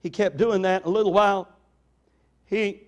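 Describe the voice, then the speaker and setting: An older man, a pastor preaching a sermon in an earnest storytelling way, slowing down to stress key points. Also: high voice. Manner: earnest storytelling, slows down for emphasis.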